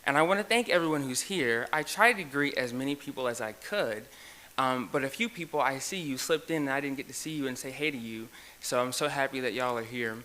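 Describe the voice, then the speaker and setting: Young man, student leader at a ceremony podium; bright tone, emotional and nervous, speaks in repeated phrases. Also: medium pitch, a little fast. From United States. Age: young adult. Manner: heartfelt, repetitive cadence, laughs at own jokes. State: shaking with nerves, near tears. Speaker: outgoing student government president giving a speech. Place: university event room.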